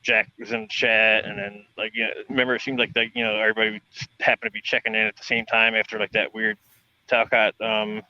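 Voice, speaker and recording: A man's voice: fairly low pitch, little pitch movement, fast talker, sharp tone, no echo, highs cut off. A man hosting a casual online panel chat, asking questions in a chatty way full of fillers. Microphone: headphones and home mic on a video call.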